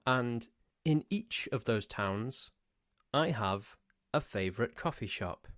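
A man's voice: lowish voice, no echo, clean studio sound. Rambling English man from Cheshire. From Cheshire, England. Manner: rambling, pedantic, ranting asides. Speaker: podcast host. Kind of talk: casual solo podcast monologue.

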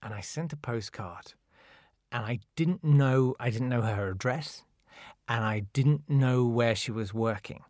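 A man's voice: medium pitch, measured pace, darkish tone, no echo, studio quality. Wry jokey man. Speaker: guest. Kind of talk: casual chat.

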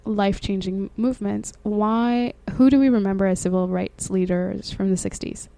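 A woman's voice: mid-range voice, steady tone, normal speed, vocal fry, warm tone. A young adult woman co-hosting a podcast in casual chat, supportive and affirming as she talks. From not local to the show's country. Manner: affirming, frequent agreeing murmurs. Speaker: podcast co-host.

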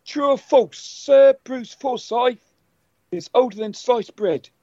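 A man's voice: extremely high pitch, slow, warm tone, no echo, exaggerated voice. A man doing a goofy silly elephant. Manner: rambling, goofy. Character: silly male elephant quiz host. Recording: dull dry lo-fi sound.

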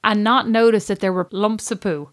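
A woman's voice: medium pitch, normal speed. A middle-aged woman co-hosting a podcast, telling a long anecdote and acting out the people in it. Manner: animated anecdote-teller, acts out quotes. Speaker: podcast co-host. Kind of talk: casual chat, storytelling.

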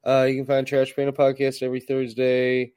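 A man's voice: mid-range voice, monotone, a little fast, darkish tone, clear, resonant tone, no room sound. Guy cohost cracking crude jokes over a movie, casual podcast chat. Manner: crude, jokey banter. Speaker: podcast co-host.

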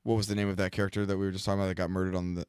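A man with a low voice shares a bit of movie trivia on a podcast. He pauses often and fills the gaps with "uh" and "um." The recording is dry and close to the mic. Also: flat delivery, a little mellow, clean tone, no room sound. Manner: halting, full of fillers. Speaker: podcast co-host. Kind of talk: casual movie chat.

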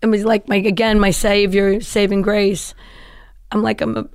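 Middle-aged woman guest, mid-pitched, dry close sound, animated storyteller who plays the people in her anecdotes. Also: normal speed, no echo. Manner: lively storyteller, acts out quoted voices. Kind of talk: storytelling interview chat.

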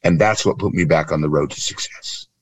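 A man's voice: extremely low pitch, brisk. A man in his fifties from California, telling stories animatedly with acted-out quotes as a guest on a video call interview. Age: 50s. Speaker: guest, improv trainer and speaker. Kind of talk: emotional interview talk.

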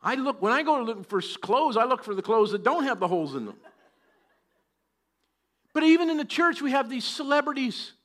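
A man preaching a sermon in church, joking and chatty at times and then rising to loud, emphatic preaching. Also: very high-pitched, sing-song, brisk, pauses often. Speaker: pastor.

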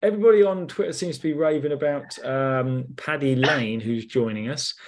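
A man talks football on a casual podcast, rambling and hesitant, often stopping to restart his sentences. His voice sits at an ordinary mid pitch. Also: moderate pace, a loud crowd. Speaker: podcast co-host.

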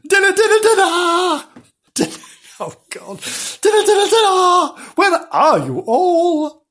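A man voicing an excitable woman who shrieks for the animals to come to dinner in a comic storybook reading. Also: very high voice, unhurried, pitched above the performer's own voice, exaggerated voice. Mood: shrieking. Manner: shrieking, calling out.

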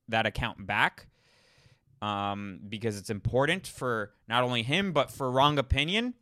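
A man's voice: mid-range voice, pushed and bright, clean tone, no echo, clean studio sound. A man hosting his own podcast, talking casually in a rambling way, often restarting and repeating words. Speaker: podcast host. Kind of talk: casual solo monologue.

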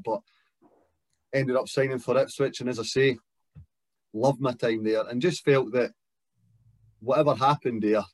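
A man's voice: lowish voice, dry recording. A Scottish man in his thirties, a guest footballer talking in a casual chat, reflective and careful with many fillers. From Scotland.

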